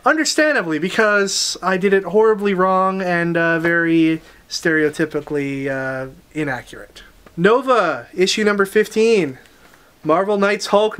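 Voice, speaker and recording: High-voiced man rattling off comic releases. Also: a bit bright. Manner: brisk title-by-title listing with quick asides. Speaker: comic shop host presenting new releases. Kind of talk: casual unboxing rundown.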